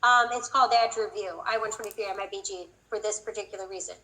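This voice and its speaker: A woman's voice: mid-range voice, steady tone, fast, sharp tone, a little hiss or hum, low-quality recording. A woman teaching a class, explaining procedures and teasing her students in a playful way. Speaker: instructor. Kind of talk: classroom lecture.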